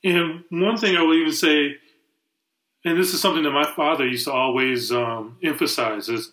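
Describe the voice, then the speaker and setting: A man co-hosting a podcast, chiming in casually with short remarks. His voice is bright and a touch high. The room around him is echoey, and he sits a little away from the mic. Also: normal speed. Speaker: podcast co-host.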